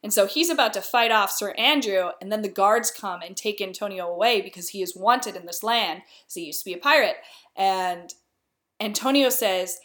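A young woman with a mid-range, slightly bright voice speaks at normal speed, casually retelling a comic play in slangy everyday language. She briefly acts out the characters' lines as she recounts the plot.

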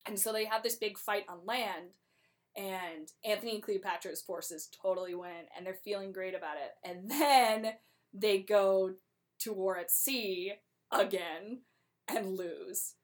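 A young woman casually retelling a play for comedy, chatty and quick to act out the characters' lines. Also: medium pitch.

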